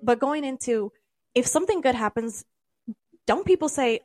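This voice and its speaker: A woman's voice: high-pitched, expressive, moderate pace, darkish tone, no room sound. A woman co-hosting a podcast, arguing her point in a casual debate and explaining at length, tripping over words now and then. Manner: argumentative, explains at length with stumbles. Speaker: podcast co-host.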